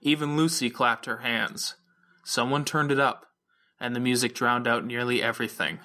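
A man reading a fan-made audiobook chapter aloud as narrator in a steady, even storytelling manner. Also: mid-range voice, normal speed. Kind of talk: scripted narration.

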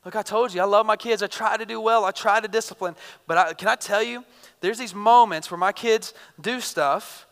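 Guy preaching a sermon, smooth clear voice, chatty and earnest, big echoey sanctuary. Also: high-pitched. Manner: earnest, conversational preaching with swings from loud bursts to quiet intensity. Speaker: pastor. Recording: reverberant hall.

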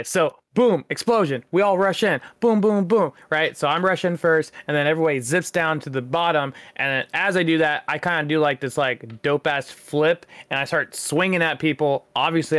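A man's voice: fairly high pitch, normal speed, hardly any pauses, a bit bright, no echo. A man playing a tabletop game, hyped and slangy as he narrates his character's moves. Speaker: player.

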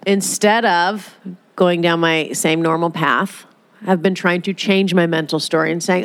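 A woman's voice: lowish voice, steady tone, a little slow. A woman in a casual monologue, candid, joking and profane, who slips into mocking voices.

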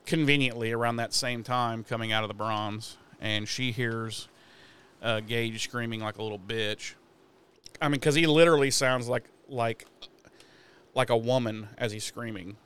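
A man's voice: mid-range voice, fairly bright tone, clean tone. A man casually recapping a TV episode as a podcast co-host, swearing freely and acting out the characters' lines.

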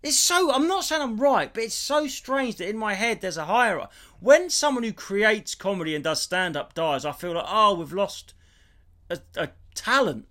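Male co-host, slightly high voice with big pitch swings, sweary rambling storyteller. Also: moderate pace. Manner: animated, sweary storytelling with restarts. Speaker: podcast co-host. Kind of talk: casual comedic chat.

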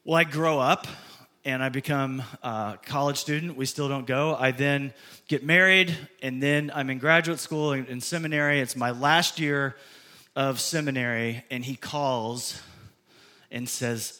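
A man's voice: medium pitch, unhurried, bright, forceful tone. A man in his fifties from the American Midwest, a pastor preaching a conversational, storytelling sermon. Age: 50s.

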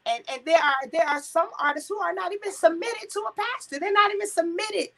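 A woman's voice: very high voice, fairly quick, vocal fry, a crowd in the background, rough recording. A woman talking in a casual chat about faith, emphatic and repeating phrases as she thinks.

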